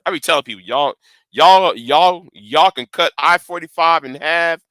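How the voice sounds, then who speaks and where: A man's voice: fairly high pitch, moderate pace, bright, forceful tone, no room sound, low-quality recording. A man hosting a casual chat, stumbling over repeated words and fillers. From Texas.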